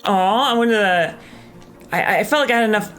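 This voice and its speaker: A man's voice: high-pitched, normal speed, a bit bright, clear, resonant tone, faint music behind. A man doing live gameplay commentary as a streamer, talking casually and candidly, swearing often and hesitating with many ums. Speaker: game streamer.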